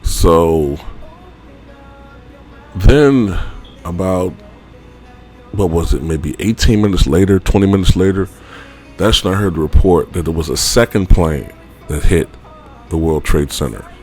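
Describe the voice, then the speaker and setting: A man's voice: sits low, unhurried, pauses often, a little mellow, soft background music. A man vlogger telling a personal story in a rambling, casual way, full of fillers and offhand swearing.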